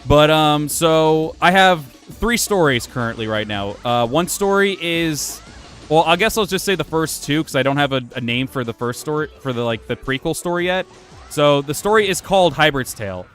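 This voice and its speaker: A man's voice: a little high, animated, moderate pace, fairly bright tone. A man casually commenting while he plays a video game, rambling, self-mocking and swearing freely. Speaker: gaming streamer. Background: faint music playing from his computer.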